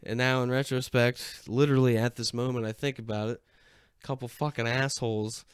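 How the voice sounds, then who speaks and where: Smooth, dry-voiced man telling a profane story. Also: mid-range voice, level tone, fairly quick, no echo. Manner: swears constantly, acts out every exchange. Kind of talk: casual comic storytelling.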